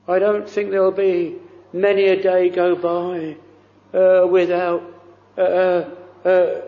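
A man preaching a sermon, slow and fervent, drawing out pleading phrases. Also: sits high. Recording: dull lo-fi recording in a reverberant hall.

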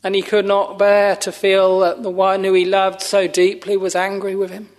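A man preaching a sermon in a slow, solemn, measured way with long pauses, sometimes dropping to a hush. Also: sits high, monotone.

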